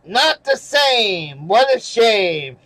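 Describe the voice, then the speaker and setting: A man with a fairly high voice rants at a slow, dragging pace, cursing and sarcastic as he reads out comments. He chuckles now and then between angry remarks. The sound is dry and close. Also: sing-song, fairly bright tone, dry recording, rough recording. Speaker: channel host reading viewer comments. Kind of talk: casual ranting commentary.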